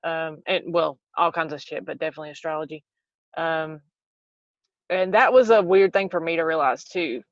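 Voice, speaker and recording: A podcast guest with a Southern US accent talks casually at a mid-range pitch, often breaking into laughter. The sound is dry and slightly dull, like a modest lo-fi mic. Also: no echo. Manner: laughs often, quick and self-deprecating. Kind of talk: casual conversation.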